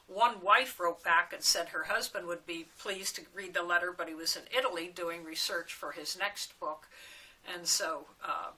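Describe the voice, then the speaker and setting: A woman's voice: fairly low pitch, bright, forceful tone, low-quality recording. An older woman being interviewed, telling chatty stories that wander from one memory to the next. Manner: chatty storyteller who wanders between anecdotes, with fillers and laughs. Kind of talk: oral history reminiscing.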